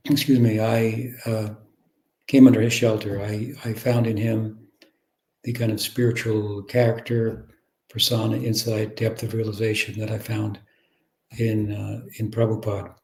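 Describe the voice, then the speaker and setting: An older man, a monk, recalling his past in a reflective, halting way, with many fillers and polite self-corrections. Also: fairly low pitch, darkish tone, roomy sound, rough recording. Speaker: guest monk. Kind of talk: reflective spoken recollection.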